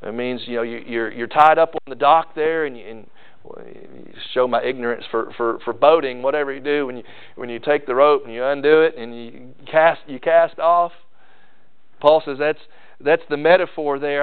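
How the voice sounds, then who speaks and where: A man's voice: mid-range voice, normal speed, smooth. A male pastor preaching a sermon in a folksy, emphatic way, repeating key phrases. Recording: tinny phone-like sound.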